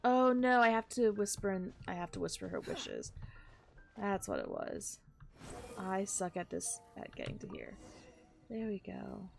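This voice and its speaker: A tired woman streaming a game, chatting casually in a low-energy, rambling way. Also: wildly swooping pitch, unhurried, gravelly, over music. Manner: low-energy, rambling, apologetic about yawning. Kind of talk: casual gameplay chat.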